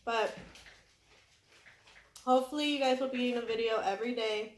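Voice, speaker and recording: A woman's voice: a little high, fairly even intonation, normal speed, reverberant, slight background noise. A young woman vlogger chatting casually and apologetically while eating on camera. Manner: chatty and apologetic, talking between bites. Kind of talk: casual eating vlog chat. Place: home room indoors.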